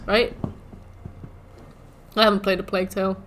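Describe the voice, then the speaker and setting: A young woman talks over her game stream, her voice bright and clear. She rants animatedly, swears freely and acts out the game taunting her in a mocking tone. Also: mid-range voice, a little fast, pauses often. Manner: animated ranting, swears, mimics the game's taunts. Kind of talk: casual livestream chat while gaming.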